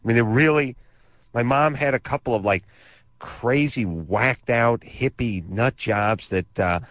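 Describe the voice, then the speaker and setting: A man's voice: medium pitch, unhurried, fairly bright tone, no echo, lo-fi sound. A man co-hosting a call-in radio show, telling exaggerated, sarcastic stories with crude asides. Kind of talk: comedic storytelling on call-in radio. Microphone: studio microphone.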